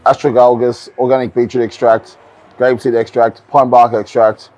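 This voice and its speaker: Male bodybuilding coach, casual vlog delivery, relaxed and explanatory, average pitch. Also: fairly quick. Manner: relaxed, explanatory, with frequent ums and repeats. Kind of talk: casual vlog talk to camera.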